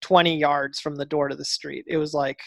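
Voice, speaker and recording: Lively man telling a story in a dry room. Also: fairly high pitch, a little fast, creaky, no echo. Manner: animated, acts out dialogue with fillers and restarts. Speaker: podcast guest. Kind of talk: casual storytelling interview.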